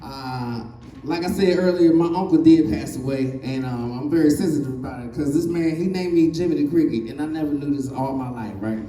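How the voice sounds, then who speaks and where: A man's voice: on the high side, a little fast, dark tone, echoey room, far from the mic, rough recording. A man in his forties doing a stand-up comedy set, telling family stories and acting out his relatives' voices. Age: 40s. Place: comedy stage.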